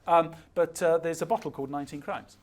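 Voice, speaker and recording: A man's voice: fairly high pitch, steady tone, quick pace. An older man, a guest speaker at a fireside chat, telling stories emphatically and acting out the dialogue.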